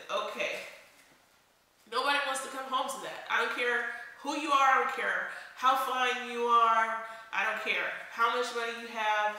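A woman's voice: fairly high pitch, pushed and bright. A young woman vlogger giving frank, preachy relationship advice straight to the camera. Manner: blunt, frank, preachy, laughs at herself. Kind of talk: casual opinionated monologue to camera. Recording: echoey room.

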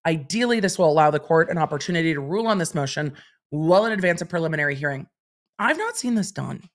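A woman's voice: deep voice, very animated, quick pace. A woman hosting a livestream, reading court documents aloud and commenting on them in a chatty, wry way. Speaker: legal commentator host.

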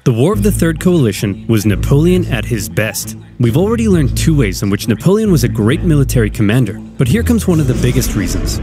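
A man giving scripted, comedic history narration with a brisk, punchy, dramatic delivery. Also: medium pitch, sing-song, music in the background.

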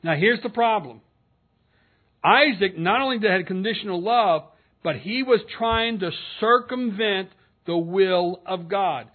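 Male pastor, earnest expository sermon, high-pitched, thin telephone-line quality. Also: a little slow. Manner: earnest, reads scripture aloud and comments between verses. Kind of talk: expository sermon with scripture reading. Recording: narrow phone-like sound.

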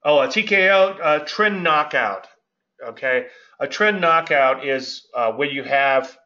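A man's voice: medium pitch, pushed and bright. Gregarious rambling male market analyst. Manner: gregarious, rambling, self-interrupting. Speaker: market analyst and show host. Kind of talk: casual trading commentary. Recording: dull lo-fi audio.

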